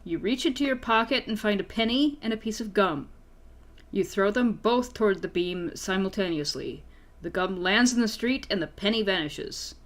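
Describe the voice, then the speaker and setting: A woman's voice: medium pitch, expressive, normal speed. A woman reading an adventure book aloud as game master, playful and casual, laughing and swearing among friends. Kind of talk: reading a story aloud to players.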